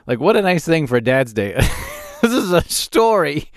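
A lively man in his forties spins comic stories on his own podcast and laughs often at himself. His voice sits a little high and swings widely up and down, and the sound is close and dry. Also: moderate pace, dry recording. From Calgary, Canada. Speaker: podcast host. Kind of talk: solo comedic storytelling podcast.

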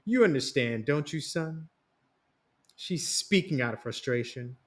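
A man reading a story voices a mother who calmly coaxes her son and niece, speaking in a measured way. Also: on the high side. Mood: coaxing. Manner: calm, coaxing, measured. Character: mother, firm and persuasive middle-aged woman.

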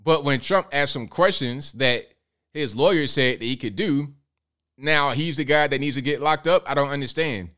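A man's voice: mid-range voice, normal speed, bright, forceful tone. A man hosting a live political commentary show, talking straight to his viewers with a sarcastic edge. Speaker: host.

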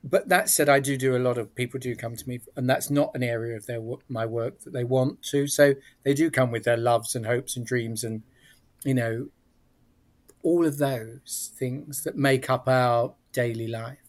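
A man's voice: medium pitch, fairly even intonation, moderate pace. A man with a British accent, a guest on a podcast, explaining his work in a thoughtful way with frequent restarts. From England. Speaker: psychic medium guest. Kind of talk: casual interview chat.

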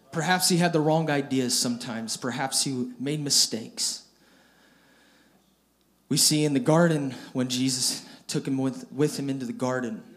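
A man's voice: medium pitch, a bit bright. A man preaching a storytelling sermon, retelling scripture in plain everyday speech and often repeating and restarting his phrases.

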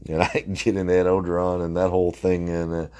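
A man's voice: deep voice, monotone, quick pace, a little mellow. A man in his forties hosting a casual sports podcast, talking bluntly in a rambling way with lots of fillers, restarts and the odd swear word. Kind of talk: casual sports opinion monologue.

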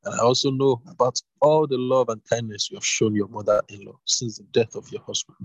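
A man voicing a kind, generous landowner in a read-aloud Bible story, with a husky voice close to his own. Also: lowish voice, dry recording, low-quality recording.

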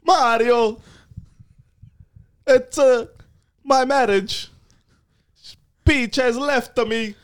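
A man voicing a heartbroken Italian plumber brother in an improvised comedy skit, slow and mournful in a put-on Italian accent. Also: very high-pitched, fairly even intonation, clear, resonant tone, full character voice. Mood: mopey.

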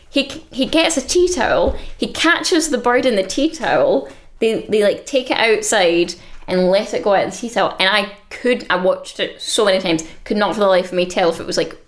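A woman's voice: mid-range voice, animated, brisk. A woman co-hosting a casual chat, telling a story in a rambling, giggly way, full of filler words. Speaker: podcast co-host recapping a show.

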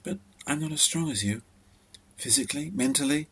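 A man voicing a soft, anxious young woman. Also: fairly high pitch, fairly quick, slightly rough, full character voice. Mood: hushed. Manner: soft, hesitant and pleading.

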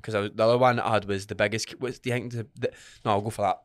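A man's voice: fairly low pitch, steady tone, rapid-fire, no room sound. A man co-hosting a casual podcast as a fitness coach, blunt and sweary, often answering with short agreeing replies.

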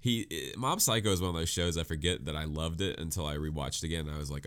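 A man's voice: a bass voice, fast, hardly any pauses, a bit bright, smooth. A man co-hosting a casual chat, talking animatedly, acting out quoted voices and laughing often. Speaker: podcast co-host.

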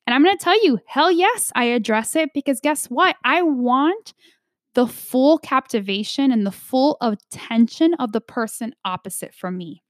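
A woman's voice: high-pitched, animated, normal speed, dry recording, clean studio sound. A woman coaching an audience on negotiation in an emphatic instructional talk, often tagging her points with "right?".

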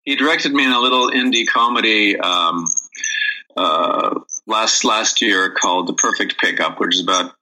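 Bright-voiced rambling male actor. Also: lowish voice, moderate pace, low-quality recording. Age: middle-aged. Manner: rambling, many restarts and fillers. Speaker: actor guest. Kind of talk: casual interview chat.

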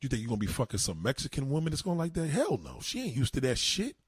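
Husky guy ranting on his show, voice jumps all over, real dry sound. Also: mid-range voice, rapid-fire, no room sound. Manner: animated, profane, repeats himself. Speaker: show host. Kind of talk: crude monologue.

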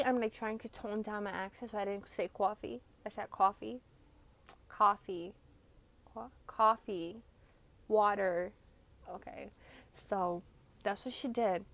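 Young woman streamer, casual rambling storyteller, swears freely, slightly high-pitched. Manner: chatty and profane, heavy use of "like".

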